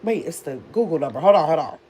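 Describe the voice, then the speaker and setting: A woman's voice: low-pitched, lively intonation, fast talker, warm tone, breathy edge. A woman hosting a casual livestream, reading viewer comments aloud and talking to her audience as "y'all" while sorting out a phone number, a little under the weather. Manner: chatty, distracted, talks to the chat as "y'all". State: recovering from illness. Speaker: livestream host.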